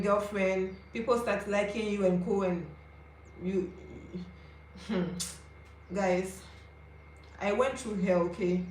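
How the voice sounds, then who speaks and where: In a mid-range voice, a young Ghanaian-accented woman in her twenties tells her story to camera like a confiding, chatty vlogger, pausing to check in with viewers. The room echoes, with faint ambience and a little hiss or hum.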